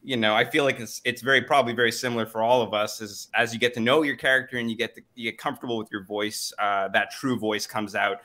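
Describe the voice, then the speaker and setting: Bright-voiced man on a video call. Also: medium pitch, fairly even intonation, quick pace, few pauses. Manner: reflective, laughs easily. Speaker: voice actor guest. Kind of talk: casual interview answer.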